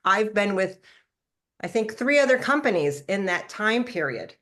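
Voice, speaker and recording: A woman in her fifties telling her skincare story to a live call, animated and talking fast, often jumping up in pitch to act out past conversations. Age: 50s. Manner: animated storytelling, acting out her own past lines in a higher voice. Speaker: product formulator and brand promoter. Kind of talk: testimonial talk to a live call.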